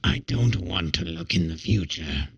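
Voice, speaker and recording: A woman voicing a gloomy, sickly male creature oracle in an audiobook, weary and complaining in a husky voice. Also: lively intonation, unhurried, dry recording, muffled recording, heavily acted. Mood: queasy, gloomy. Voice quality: deep, gravelly, husky.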